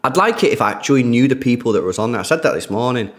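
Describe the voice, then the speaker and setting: A man's voice: medium pitch, expressive, very fast. Chatty young man on live stream. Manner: chatty, slangy, greets donors by name. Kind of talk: casual live-stream chat reading donations.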